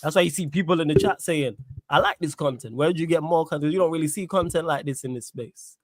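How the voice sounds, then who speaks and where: A man hosting a live-stream chat, with a fairly high voice and a dry, close sound. He reads out comments between friendly banter, talks in street slang, and laughs easily. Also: fast, dry recording. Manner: laughs a lot, uses London street slang like "big up" and "yo". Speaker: podcast host.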